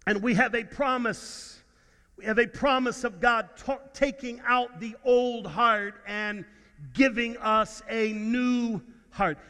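A man's voice: high voice, pushed and bright. A man preaching a sermon as a pastor, earnest and prone to stammered restarts. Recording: long hall reverb.

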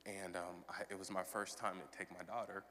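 A man in his thirties preaching a sermon as pastor, swinging from loud proclamation to soft, personal confession. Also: sits low, little pitch movement, fairly quick. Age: 30s. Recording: long hall reverb.

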